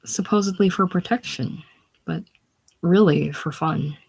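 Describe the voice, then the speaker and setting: Coy teasing young woman as a reader puts her on, slow, coaxing. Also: medium pitch, darkish tone, slightly rough. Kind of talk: casual play reading.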